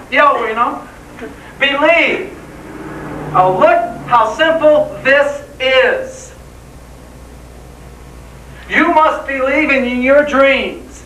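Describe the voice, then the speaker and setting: A man with a very high, bright voice gives an enthusiastic motivational talk, tossing rhetorical questions at the crowd. He sounds distant from the mic, his voice ringing through a roomy hall over a faint hum. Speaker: motivational speaker. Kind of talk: live seminar speech. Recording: echoey hall, voice from far off.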